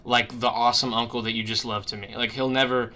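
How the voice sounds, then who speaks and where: A man's voice: medium pitch, little pitch movement, quick pace, pushed and bright. A young man hosting a casual stream podcast from his room, rambling with lots of swearing and fillers. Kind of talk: casual chat on a livestream. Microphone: webcam mic on a video call.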